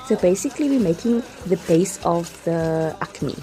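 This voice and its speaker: Speaking at a moderate pace in a lowish, animated voice, a woman vlogger narrates a cooking tutorial with music underneath. She chats her way through the steps one by one, laughing lightly.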